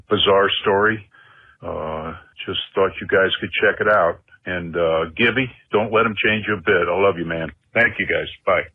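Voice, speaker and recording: A man from St. Louis leaving an easygoing voicemail with many pauses and fillers. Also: sits low, dry recording, phone-quality sound. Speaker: caller. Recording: voicemail over phone.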